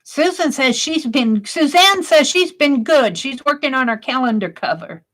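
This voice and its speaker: A woman's voice: high voice, animated, moderate pace, a bit bright. A woman hosting a casual live stream, chatting and reading viewers' comments aloud, laughing often.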